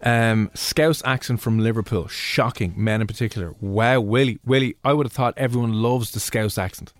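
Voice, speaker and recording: A man's voice: mid-range voice, moderate pace, no room sound. A young Irish man hosting a radio show, chatting casually and teasing his co-host. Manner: teasing, playful, animated. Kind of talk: casual chat.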